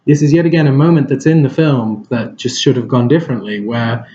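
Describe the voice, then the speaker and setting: Rambling mellow-voiced man reviewing a film. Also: mid-range voice, fairly even intonation, fairly quick, lo-fi sound. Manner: rambling, hesitant, many fillers and restarts.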